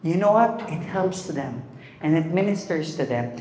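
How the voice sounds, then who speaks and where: A man with a Filipino accent preaching a sermon as pastor, animated and mixing in Tagalog while calling for amens. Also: a little high, moderate pace, slight background noise. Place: church hall. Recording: echoey church hall with long reverb.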